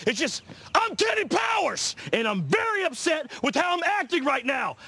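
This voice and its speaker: A hot-headed loudmouth in a TV comedy, cursing and yelling at the top of his voice. His voice rides very high and swings widely. It has a bright, husky edge. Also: big pitch swings, fairly quick, full character voice. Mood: shouting apology. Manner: profane, shouting, blustering. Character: brash hot-tempered washed-up man, yelling.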